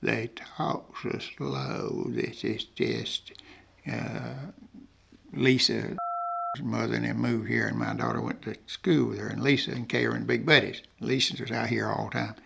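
A man's voice: mid-range voice, flat delivery, moderate pace, vocal fry, sharp tone, a little hiss or hum. An older man with a north Georgia Southern accent tells rambling, folksy stories in an oral history interview. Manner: rambling, folksy, laughs at his own stories.

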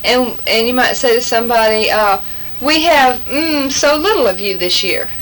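Woman tester reading fill-in prompts, halting delivery, slightly high pitch, faint room noise. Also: a bit bright, poor audio. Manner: halting, many fillers, says okay after each answer. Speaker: language tester.

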